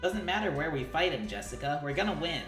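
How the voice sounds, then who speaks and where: Man voicing brash young swordsman, low gruff teasing voice, lively delivery, roomy sound. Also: fast talker, faint music behind. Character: cocky young male swordsman, brash and boastful. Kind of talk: reading game dialogue aloud on stream.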